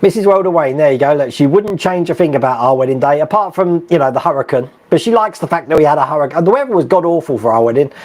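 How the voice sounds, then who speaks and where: Lively chatty man. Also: on the high side, fast talker, few pauses. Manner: chatty, laughs often, many fillers and restarts. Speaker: live stream host. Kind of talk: casual live stream chat reading comments.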